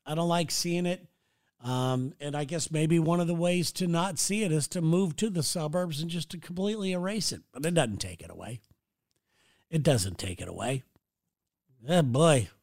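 A man hosting his own podcast, talking alone in a blunt, rambling way and swearing freely. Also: on the high side. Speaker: podcast host. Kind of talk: casual solo monologue. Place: city.

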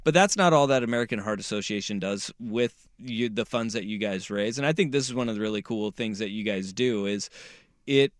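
A man's voice: on the low side, fairly quick, dry recording. A man hosting a studio talk show, joking with his guest and then asking earnest questions. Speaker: radio show host. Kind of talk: casual chat, interviewing. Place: radio studio.

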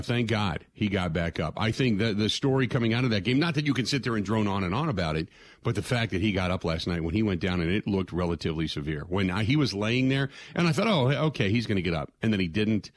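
A man's voice: on the low side, no echo. An older man from southwestern Ohio hosting a sports radio show, talking casually in a rambling way that circles back on itself with "man, oh man" exclamations.

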